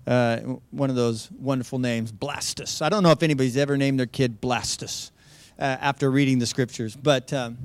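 A man's voice: fairly high pitch, no room sound. A man teaching a Bible passage as a sermon, in a conversational way with many fillers, restarts and jokey asides.

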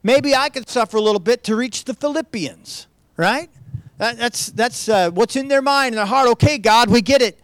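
A pastor delivers a sermon in a high-pitched male voice, earnest and conversational. He stumbles into restarts and keeps posing rhetorical questions to the congregation. The sound is dry, with almost no room echo. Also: moderate pace, fairly bright tone. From United States.

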